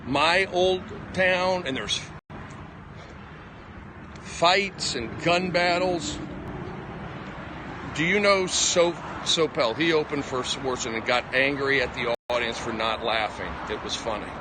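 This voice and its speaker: Man, comedian, ranting live stream, combative, jumpy pitch, fairly high voice, faint street noise, phone at arm's length. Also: unhurried, pauses often. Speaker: comedian livestreaming. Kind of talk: rambling live stream monologue. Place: outdoors on a city walk.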